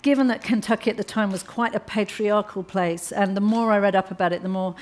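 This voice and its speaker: A woman author discussing her novel in an interview. She speaks with animated enthusiasm, mid-pitched and easygoing, sounding pleased to talk about her characters. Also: brisk. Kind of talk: book discussion and reading.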